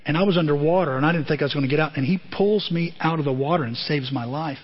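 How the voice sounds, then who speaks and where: Husky man giving an animated talk. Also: fairly high pitch, fast, dull audio. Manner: animated, addresses listeners by name. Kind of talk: motivational talk to a group.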